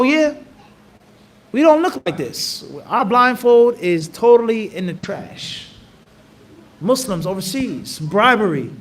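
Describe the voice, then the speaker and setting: A man teaching a religious lesson, animated and acting out little dialogues. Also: high-pitched. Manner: animated, acts out dialogues, recites Arabic rapidly. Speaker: Islamic teacher. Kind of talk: religious lesson with acted examples.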